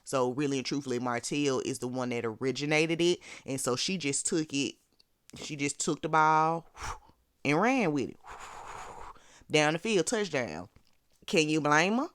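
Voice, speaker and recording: A speaker with a Southern Alabama twang dishes out animated, sassy commentary in easy slang. The voice is smooth and clear. It is recorded close and dry, with no room sound. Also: medium pitch, a little slow, pauses often, no room sound. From Birmingham, Alabama. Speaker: reality TV recap commentator. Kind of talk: casual commentary.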